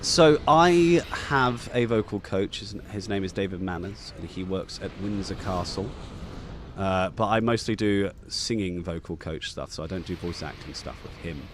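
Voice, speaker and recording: A man's voice: low voice, normal speed, noisy background. A British man co-hosting a casual livestream, reading chat comments and talking in a hesitant way.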